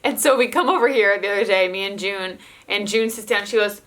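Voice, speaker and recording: A woman's voice: medium pitch, fairly quick, fairly bright tone. A young adult woman, a mother of toddlers, chatting casually to camera and filling her speech with "like". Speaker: mother of toddler twins, vlogger.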